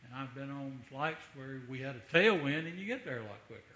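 Preacher with a bright, ringing voice. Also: male voice, mid-range voice, expressive, brisk, roomy sound, low-quality recording. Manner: conversational preaching, rhetorical asides. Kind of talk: sermon.

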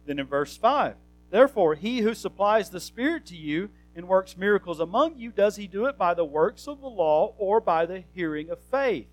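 A man with a notably high voice preaches a sermon in an earnest, conversational way, pausing on fillers and rising into emphatic questions. Faint guitar music plays softly behind him. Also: lively intonation, poor audio.

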